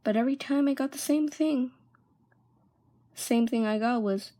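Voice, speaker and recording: A young woman vlogger telling a personal story, halting at times and dropping into hushed whispers. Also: high voice.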